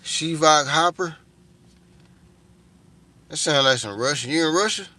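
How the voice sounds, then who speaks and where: A man's voice: on the high side, expressive, fast, bright, forceful tone. A middle-aged man, chatting casually and profanely with viewers on a livestream, rambling from one thought to the next. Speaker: livestream host.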